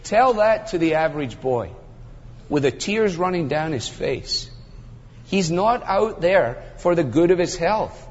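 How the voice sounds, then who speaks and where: Emphatic older preacher in a reverberant hall. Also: male voice, fairly high pitch, measured pace. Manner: emphatic, builds to animated climaxes, wry humor. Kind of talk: expository sermon. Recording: muffled sound with long hall reverb.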